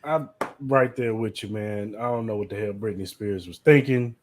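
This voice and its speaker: A man's voice: fairly low pitch, moderate pace, a little mellow, a little hiss or hum. A young man co-hosting a podcast, giving blunt, slangy opinions in casual chat. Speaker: podcast co-host.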